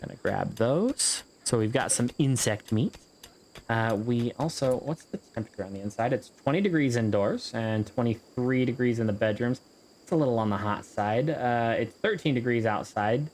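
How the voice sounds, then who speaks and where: A man's voice: medium pitch, a little mellow, a little hiss or hum. A man giving casual, rambling gameplay commentary, joking around and swearing freely as he plays. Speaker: gameplay video host.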